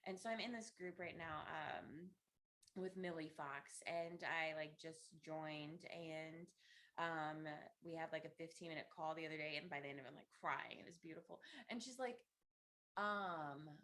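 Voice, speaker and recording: Woman, low voice, podcast guest, reflective, thinking aloud, fillers and restarts. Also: moderate pace, a bit bright. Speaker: podcast guest, inner child practitioner. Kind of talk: casual podcast conversation.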